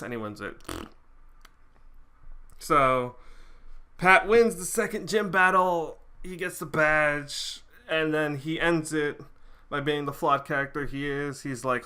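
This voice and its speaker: A young man chats through a casual recap for his reaction video. His voice is bright and forward, and he rambles, stumbling and restarting with plenty of fillers. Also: fairly high pitch, slow, long pauses, smooth.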